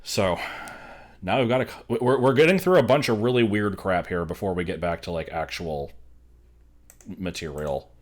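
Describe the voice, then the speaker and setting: A man's voice: low-pitched, moderate pace. A man streaming, giving dry, offhand, rambling commentary. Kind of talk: casual live-stream commentary.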